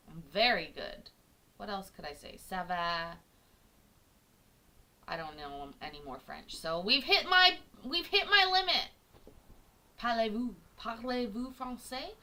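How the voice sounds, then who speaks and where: A woman chats to her live viewers from a home kitchen, her voice high and bright. She jokes, teases herself and swears freely, but she talks slowly and takes her time. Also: lively intonation. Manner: chatty, jokey and self-teasing, swears freely. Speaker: livestream host reacting to court videos. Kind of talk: casual chat to a live audience.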